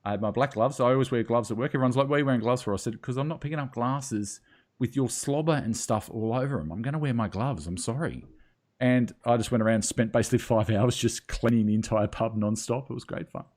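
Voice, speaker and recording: A man chats fast and easily. He teases the others and swears offhandedly. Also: mid-range voice, darkish tone. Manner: joking, teasing, swears casually. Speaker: co-host. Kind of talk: casual group video chat.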